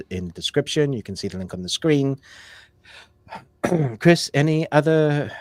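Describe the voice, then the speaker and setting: A man's voice: fairly low pitch, no room sound. A man co-hosting a live movie stream from home, talking casually in a rambling way, full of fillers and restarts. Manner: rambling, filler-heavy, self-correcting. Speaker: co-host of a live movie show.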